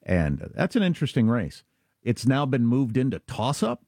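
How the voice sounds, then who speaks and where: A middle-aged man from Kansas, chatting casually as an animated storyteller with quick asides. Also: medium pitch, no room sound, clean studio sound. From Kansas, USA. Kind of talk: casual chat.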